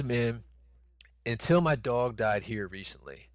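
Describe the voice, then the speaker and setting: A man's voice: mid-range voice, sing-song, a little slow, no echo. A man in his thirties co-hosting a podcast, rambling and swearing in casual chat with lots of fillers. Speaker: podcast co-host.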